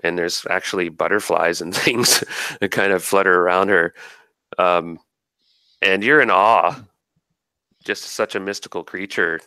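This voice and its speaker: A man narrating as game master in a tabletop game, describing scenes in an unhurried way with fillers. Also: deep voice, fairly even intonation, sharp tone, clean tone, no echo.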